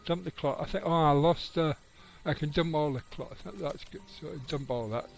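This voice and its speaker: A man's voice: fairly high pitch, normal speed, creaky, rough recording. A middle-aged man, giving rambling, casual live commentary on his game and chatting with viewers, swearing now and then. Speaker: game streamer.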